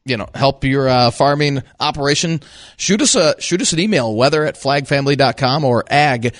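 A man co-hosting an agriculture radio talk show. His voice is middle-pitched and sounds dry and close. He talks in a halting, filler-heavy way. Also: dry recording. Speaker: radio farm show co-host.

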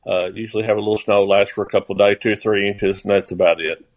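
A man's voice: on the low side, steady tone, fast talker. A man from Arkansas with a Southern accent, a rice farmer talking as a radio guest in an easygoing, plainspoken way. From Arkansas, USA. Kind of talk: radio interview.

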